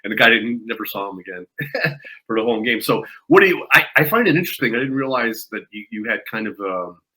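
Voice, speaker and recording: A male host leads the interview with long, searching questions full of hesitations. His voice is fairly low but bright and forceful. He sounds engaged with his guest. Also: low-quality recording. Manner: rambling, hesitant questions with fillers. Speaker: podcast host.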